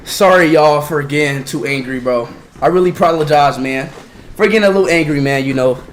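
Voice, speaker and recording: A man's voice: on the high side, fairly quick, a little hiss or hum. A man talking casually to the camera, rambling and apologizing with lots of filler words.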